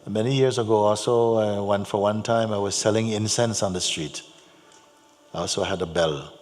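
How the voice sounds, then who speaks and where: A man giving a spiritual talk to an audience, telling stories gently and repeating his phrases, with soft laughs. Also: on the low side, fairly even intonation, normal speed. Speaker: spiritual teacher. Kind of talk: spoken teaching to an audience. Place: large hall. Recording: long hall reverb, faint hum.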